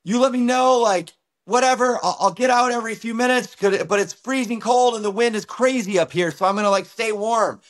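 A man recounting a story puts on a passing male driver who calls down from the road above in a raised, much higher voice. The voice is loud and urgent and carries across a distance. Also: a little fast. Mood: reassuring. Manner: urgent, calling out loudly from a distance. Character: adult male passing driver shouting down to a crash site.

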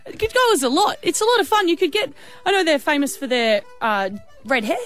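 A woman's voice: sits high, very animated, brisk, fairly bright tone, faint music behind. A woman co-hosting breakfast radio, bubbly and giggly. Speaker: radio co-host.

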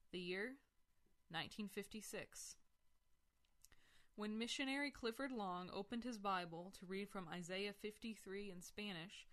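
Woman, mid-pitched voice, dramatic reading, measured storytelling, religious radio broadcast. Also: a bit bright. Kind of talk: dramatic reading of a missionary account.

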